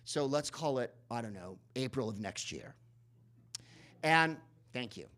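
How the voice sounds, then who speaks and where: A man's voice: mid-range voice, animated, a little slow, a bit bright. A man hosting a live film club in a cinema, who rambles sardonically and fills his talk with fillers and restarts. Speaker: host. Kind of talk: live comic film introduction.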